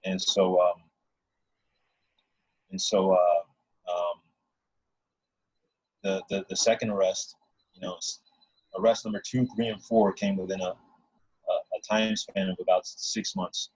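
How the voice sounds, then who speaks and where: A man's voice: low-pitched, steady tone, takes it slowly, long pauses, slightly rough, no room sound, low-quality recording. A man earnestly telling a personal story in a casual, rambling way, often restarting his sentences.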